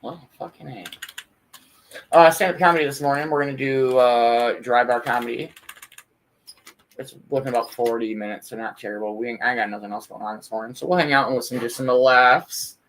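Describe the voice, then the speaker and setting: A man hosting a morning stream in casual chat, relaxed, chatty and profane. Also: mid-range voice, a little fast, a little hiss or hum. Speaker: livestream host.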